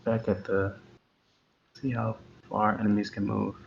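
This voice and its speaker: A man's voice: on the low side, flat delivery, a little slow, creaky, lo-fi sound, a little hiss or hum. A man playing through a tabletop game playtest, hesitant and thinking his moves aloud with many ums. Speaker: playtest participant. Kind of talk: casual game play.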